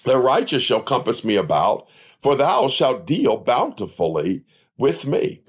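A man's voice: medium pitch, huge pitch swings, unhurried, slightly rough. A man teaching a Bible study on his podcast, preaching earnestly and quoting scripture in old-fashioned wording. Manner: earnest preaching with rising emphatic peaks.

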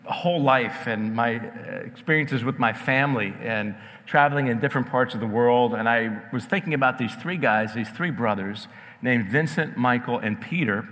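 A man from New York raised in New Jersey, telling a story in a sermon in an animated, conversational way. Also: mid-range voice, moderate pace. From New York area, raised in New Jersey. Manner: animated, conversational, addresses audience directly. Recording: long reverb in a large hall.

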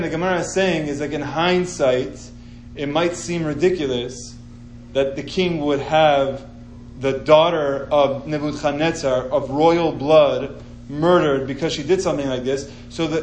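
A man teaching an informal scripture class, telling the story with animated sarcasm. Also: a little high, roomy sound, a little hiss or hum, rough recording.

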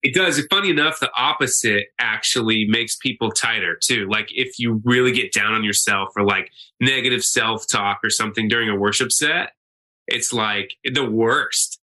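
Bright-voiced, earnest pastor man. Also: fairly low pitch, normal speed. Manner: earnest, talkative storyteller. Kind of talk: casual podcast conversation.

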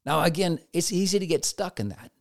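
A man's voice: fairly high pitch, animated, a little fast, creaky. A man who works as a therapist, giving a motivational faith talk, full of rhetorical questions and little acted-out inner voices.

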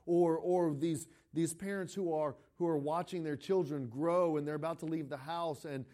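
A middle-aged man, a pastor, preaching a sermon in a conversational, animated way, often restarting his phrases as he tells a story. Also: a little high, normal speed. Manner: conversational preaching with frequent repeated starts; animated storytelling, breaking into quoted voices.

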